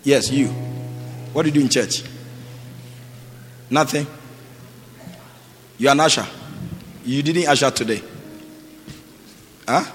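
A man's voice: mid-range voice, slow, long pauses, faint music behind. Man, pastor, church sermon, exhorting, repetitive commands, echoey hall. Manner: exhorting, repeats short commands, quizzes the congregation. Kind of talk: sermon calling for offerings. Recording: echoey hall with faint noise.

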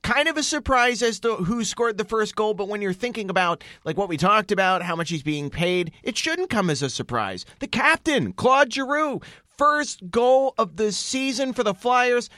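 A man co-hosting a casual sports podcast, excitable and jokey, with a congested throat. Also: sits high, no echo, clean studio sound. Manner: excitable, jokey, quick asides. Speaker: podcast co-host.

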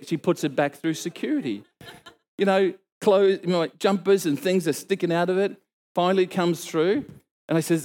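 Animated high-voiced preacher man. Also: moderate pace. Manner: animated, acts out dialogue with sudden high exclamations. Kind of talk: storytelling sermon.

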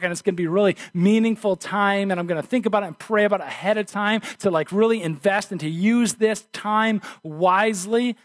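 High-voiced conversational male pastor. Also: dry recording. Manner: conversational, self-deprecating. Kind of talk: sermon.

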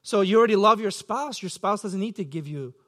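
A man's voice: high-pitched, lively intonation, brisk. A man preaching a sermon as pastor, earnest and self-questioning, acting out his own pleading thoughts.

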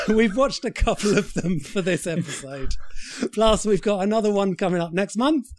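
A man hosts a podcast in a casual chat about films. His voice sits a little high for a man. He swears freely, jokes and laughs a lot. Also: animated, unhurried. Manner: sweary, joking, laughs often. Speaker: podcast host. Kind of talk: casual film-review chat.

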